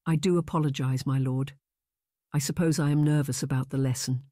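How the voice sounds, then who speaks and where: A man voicing a polite, nervous but spirited young lady in an audiobook, lifting his pitch to sound earnest and questioning. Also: steady tone, fairly quick, warm tone, no room sound, clean studio sound, close to an everyday voice. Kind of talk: audiobook narration.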